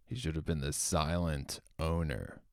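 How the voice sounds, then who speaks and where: A man's voice: a bass voice, steady tone, unhurried, vocal fry, a little mellow, no room sound, clean studio sound. A man delivering a sarcastic, opinionated commentary monologue with mocking, profane asides. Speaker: political commentator.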